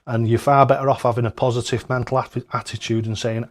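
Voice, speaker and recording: A man, hosting a casual darts live-stream, chatty and jokey, laughing often and loud when he greets viewers. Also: medium pitch, little pitch movement, fast, hardly any pauses, a little hiss or hum.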